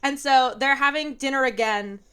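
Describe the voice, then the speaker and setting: A woman's voice: high voice, moderate pace, sharp tone, smooth. A woman in a casual podcast chat who recaps a reality show and acts out the lines she quotes. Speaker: podcast correspondent.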